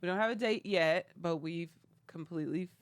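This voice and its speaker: A woman guest co-hosting a comedy podcast, playful and quick to laugh. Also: lowish voice, dry recording. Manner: playful, expressive, laughs a lot. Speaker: guest co-host. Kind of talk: casual comedic chat.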